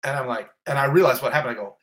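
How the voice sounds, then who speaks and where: A man's voice: mid-range voice, rapid-fire. Man retelling a traumatic story. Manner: emotional, animated retelling with gasps and exclamations; rambling, many fillers and restarts. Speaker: interview guest. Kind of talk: candid storytelling interview.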